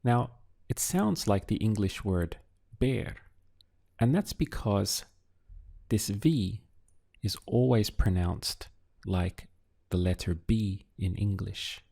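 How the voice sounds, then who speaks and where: A man teaching a Spanish lesson, patient and clear, repeating and spelling words slowly. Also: on the low side, warm tone. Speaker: Spanish tutor. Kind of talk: slow, clear language lesson.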